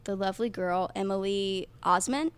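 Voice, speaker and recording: A young woman from Ohio chats as a podcast guest, telling her stories with lively animation. She laughs easily and talks at an ordinary middle pitch. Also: normal speed, clean tone, no echo. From Ohio, USA. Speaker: guest actor. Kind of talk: casual podcast chat.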